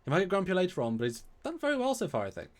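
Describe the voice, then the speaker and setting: A man's voice: high voice, wildly swooping pitch, racing. A man co-hosting a live review stream, chatting casually and acting out quoted lines in voices.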